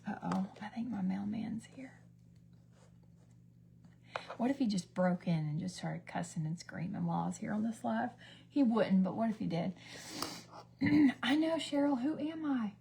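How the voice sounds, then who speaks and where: Gravelly and fairly high-pitched, this woman's voice comes with a slight hiss or hum. As a beauty vlogger doing her makeup live, she chats in a rambling way, drifting between stories and at times slipping into a whisper.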